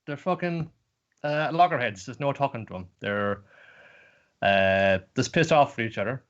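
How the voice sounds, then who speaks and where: A man's voice: medium pitch, lively intonation, normal speed, a bit bright, muffled recording. A man hosting an anime podcast, casually rambling through episode recaps with lots of fillers. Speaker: podcast host. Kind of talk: casual chat, retelling episodes.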